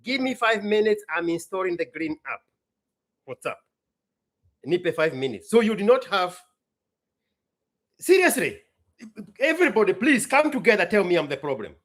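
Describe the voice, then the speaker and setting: A man's voice: high voice, very animated, normal speed, long pauses. A man with a Kenyan accent hosting a show, ranting in exasperated, mocking rhetorical questions. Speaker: host. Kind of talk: ranting commentary.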